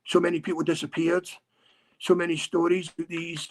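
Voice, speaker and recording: A Scottish man on the high side of pitch appears as a guest on a podcast interview, telling his story earnestly. His delivery is flat, and he halts often, with many repeats and restarts.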